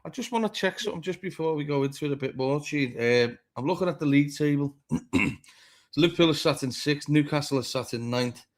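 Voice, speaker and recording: Man, fairly high voice, blunt, heavy swearing, heated fan chat. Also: fairly quick. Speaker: football podcast panelist.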